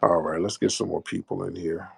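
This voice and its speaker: A man's voice: low-pitched, fairly even intonation, fairly quick, vocal fry, husky. A man hosting a live call-in room, bantering with callers in a crude, mocking, joking way.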